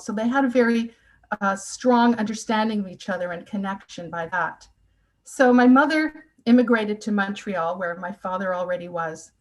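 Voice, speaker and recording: A woman's voice: mid-range voice, rough recording. A woman in her sixties gives a personal testimony talk, telling her family's story with earnest, emotional emphasis. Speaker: speaker.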